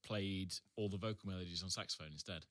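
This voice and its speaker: A man's voice: low voice, fast, fairly bright tone, no room sound. A man, a podcast guest, chatting casually in a laid-back way, trailing off and laughing often. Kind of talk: casual chat.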